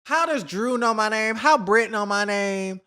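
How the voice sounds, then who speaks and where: A man's voice: high voice, background noise. Chatty gossiping man hosting a vlog. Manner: chatty, animated, dishes shade and mimics others; says y'all, drawn-out emphasis. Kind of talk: casual gossip commentary.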